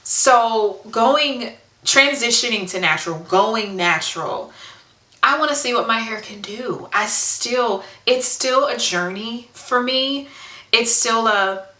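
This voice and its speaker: A woman's voice: fairly high pitch, animated, slow pace, pushed and bright. A woman telling an emotional story in a casual vlog, earnest and full of ums as she checks her notes. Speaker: hair vlogger. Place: indoor room at home. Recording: echoey room.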